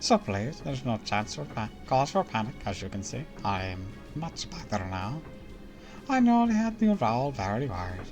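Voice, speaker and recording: A man reading as a soft-spoken, recovering woman. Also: mid-range voice, sing-song, moderate pace, music in the background. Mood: reassuring. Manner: soft, quiet, reassuring. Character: calm, gentle woman recovering from illness. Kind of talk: reading game dialogue aloud on a stream.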